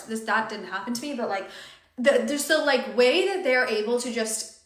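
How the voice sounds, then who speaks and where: A woman with a slightly high voice vents her aggravation in a casual vlog rant. Her frustrated words ring in an echoey room. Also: fast talker, fairly bright tone.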